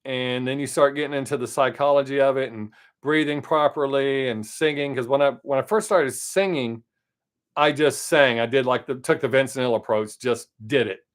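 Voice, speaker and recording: A man with a Southern accent chats casually on his live stream from home. His talk rambles and wanders from one thing to the next, and he tries to keep it quick. His voice sits at an ordinary middle pitch.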